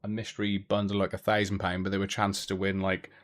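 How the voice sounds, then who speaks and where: A man hosting a giveaway livestream chats casually with his viewers, rambling loosely with lots of fillers and restarts. His voice is low, monotone and fast.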